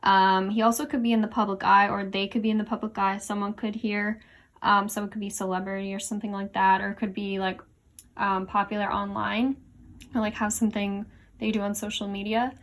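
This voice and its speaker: Speaking at a medium pitch with a level tone and a slightly fast pace, a young woman gives a casual tarot reading at home, kneeling over her cards on the floor. She's chatty and a little out of breath as she leans in, filling her talk with "like" and "um" and laughing at herself.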